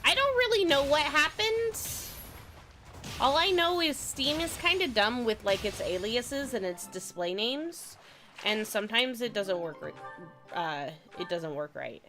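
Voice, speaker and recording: A woman's voice: medium pitch, animated, a little slow, fairly bright tone, faint music behind. A young woman from California chatting casually on a game stream, a bit stuffy from a recent cold, giggly and rambling. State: slightly stuffy, recovering from a cold. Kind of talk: casual gaming stream chat.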